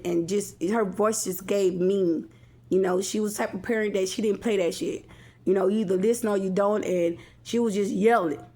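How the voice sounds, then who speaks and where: Woman vlogger, casual storyteller, rambling with restarts and asides to her viewers, mid-pitched voice. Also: a little mellow.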